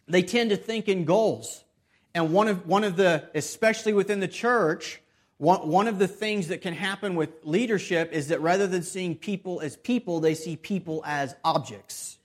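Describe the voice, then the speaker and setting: Earnest, higher-voiced male preacher. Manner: earnest preaching that swings from loud emphasis to soft, hushed stretches; repeats and restarts phrases. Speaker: pastor. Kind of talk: sermon.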